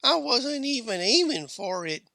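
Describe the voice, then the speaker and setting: A man's voice: very high-pitched, big pitch swings, unhurried, gravelly, sharp tone, dry recording, studio quality, voice pushed up, full character voice. A man voicing a young frontier kid clutching a heavy gun, apologetic and eager.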